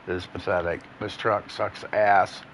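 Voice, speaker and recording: A man with a fairly low voice talks through his gameplay in a loose, rambling way. He is blunt and swears freely. Faint noise sits under the recording. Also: level tone, a little slow, a bit bright. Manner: laid-back, rambling, profane and blunt. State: yawning, a bit tired. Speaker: gaming channel host. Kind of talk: casual gameplay commentary.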